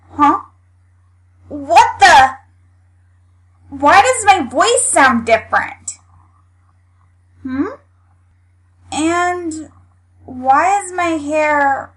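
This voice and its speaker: A brash teenage fighter who is indignant and confused, voiced by a performer. The voice is high and the delivery very slow in a fan radio play. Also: sharp tone, heavily acted. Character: startled, brash teenage martial artist.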